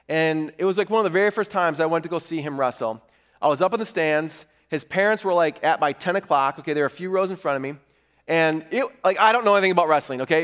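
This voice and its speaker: A middle-aged man preaching a sermon as pastor, earnest and conversational, telling stories with lively asides. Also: fairly high pitch.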